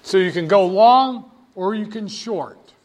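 A man's voice: sits high, a little slow, darkish tone. A man lecturing a class, stressing key words and having students repeat phrases back to him. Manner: emphatic, drills terms, asks students to repeat. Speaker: teacher.

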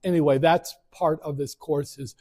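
A man's voice: a little high, fairly even intonation, normal speed, a little mellow, husky. A middle-aged man lecturing a college class, talking frankly and rambling with many fillers and restarts. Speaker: college finance instructor. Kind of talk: first-day classroom lecture.

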